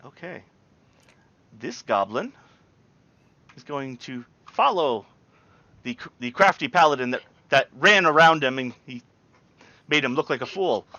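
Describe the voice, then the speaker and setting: A man's voice: mid-range voice, expressive, unhurried, long pauses, sharp tone, no echo, muffled recording. A man running a tabletop game as game master, talking hesitantly and repeating words.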